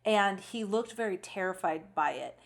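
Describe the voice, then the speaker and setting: Animated woman acting out film lines. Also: mid-range voice, moderate pace, gravelly. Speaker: podcast co-host. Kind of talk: casual chat.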